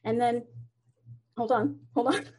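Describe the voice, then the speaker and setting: A young woman on a video call, telling a story about a messy roommate in an animated way, swearing and saying "like" a lot. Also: fairly high pitch, measured pace. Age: young adult. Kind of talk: casual chat over video call.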